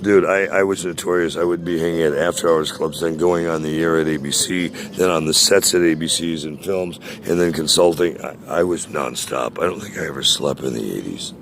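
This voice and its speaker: A man's voice: very deep voice, a little fast, hardly any pauses, noisy background. A man in his sixties ranting casually to a friend, profane and boastful, rambling with many hesitations. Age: 60s.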